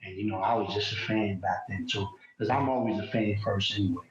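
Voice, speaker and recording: A man's voice: fairly low pitch, fairly even intonation, fairly quick. Man on an echoey muffled phone call. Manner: loose slangy talk, full of "you know". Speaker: guest rapper. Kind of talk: casual interview chat. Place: hallway at home. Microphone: cheap phone on a call.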